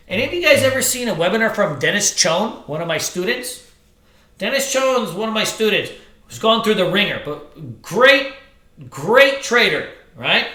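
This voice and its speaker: An animated man running a live trading seminar, joking and swearing as he tells stories. His voice sits high and swoops widely. It rings bright around a roomy hall. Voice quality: animated, profane, joking storyteller. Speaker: trading instructor. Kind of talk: live seminar talk to an audience.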